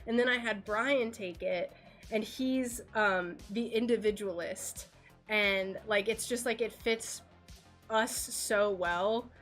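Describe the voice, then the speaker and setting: A woman's voice: medium pitch, slow, fairly bright tone, faint music behind. A woman with an American accent chatting casually to viewers while doing stained glass on a livestream, giggly and full of fillers.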